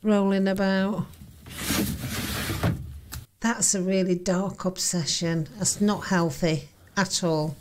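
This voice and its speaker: A woman's voice: mid-range voice, steady tone, slow pace, pauses often, noisy background. A woman hosting a reaction video, swearing and exclaiming as she watches a ghost hunt, panicky and jumpy.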